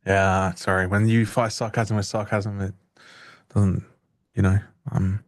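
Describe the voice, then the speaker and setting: A man's voice: lowish voice, level tone, a little slow. Joking, rambling young male co-host. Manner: joking, rambling, self-interrupting. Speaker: livestream trading co-host. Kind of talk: casual live-stream chat.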